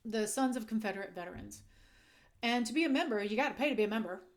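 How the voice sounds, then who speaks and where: A woman's voice: fairly high pitch, animated, quick pace. A woman hosting a casual commentary vlog into a desk microphone, candid and emphatic, swearing when she gets heated. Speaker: channel host.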